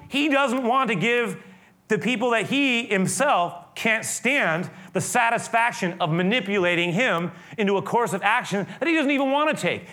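A man preaching a sermon, retelling a scripture story dramatically, shifting from loud to hushed. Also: high voice.

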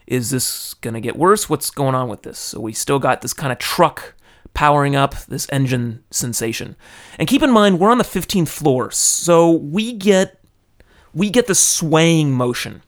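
Brief: lively male storyteller, slightly higher voice, close mic. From California. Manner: animated, dramatic storyteller. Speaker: YouTuber telling a personal story. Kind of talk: casual storytelling monologue. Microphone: close studio microphone.

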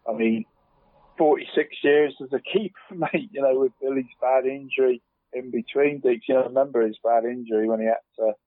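A man rambling through a relaxed football chat, tacking "mate" onto almost every phrase. His voice comes through a thin, tinny phone line with a dry sound and no room echo. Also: medium pitch, a little fast. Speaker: podcast co-host. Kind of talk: casual chat.

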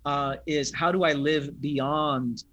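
Bright-voiced earnest pastor man. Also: on the high side, steady tone, takes it slowly, dry recording, muffled recording. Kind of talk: reflective interview talk.

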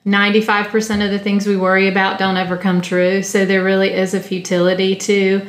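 A woman's voice: medium pitch, completely flat delivery, brisk. A woman co-hosting a faith podcast, explaining ideas thoughtfully and step by step. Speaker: podcast co-host. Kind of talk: teaching-style discussion. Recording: roomy echo.

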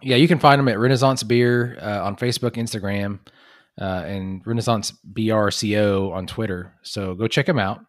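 Male beer-tasting co-host, lowish voice, dry close sound, casual and chatty. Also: normal speed, no echo. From Kentucky. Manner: relaxed, filler-heavy talk. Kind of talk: casual chat.

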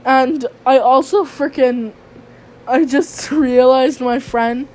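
A woman's voice: high-pitched, steady tone, slow pace, a little mellow. A woman telling stories in a casual vlog monologue. She talks in a rambling, slangy way, swears a lot and turns sarcastic. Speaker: vlogger.

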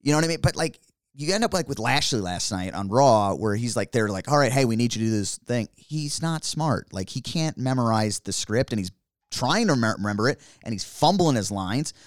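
A man talking casually and rambling through animated opinions as a podcast co-host. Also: mid-range voice, moderate pace, dry recording, clean studio sound. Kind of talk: casual wrestling chat.

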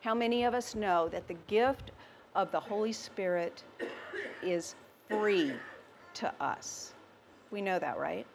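A woman's voice: mid-range voice, vocal fry, a little hiss or hum. A woman preaching a sermon in a conversational, emphatic way, often putting questions to her listeners. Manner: conversational, asks the congregation questions; slow and emphatic.

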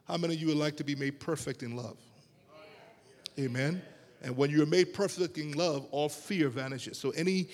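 A man preaching a sermon to a congregation, with emphatic, drawn-out phrases and rhetorical questions. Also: mid-range voice, long reverb tail. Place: church sanctuary.

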